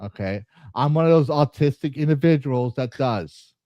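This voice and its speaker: A gaming podcast host and streamer launches into a heated rant, swearing angrily and constantly repeating and restarting himself. His mid-range voice is animated and moves at a moderate pace. The lo-fi recording has no room sound.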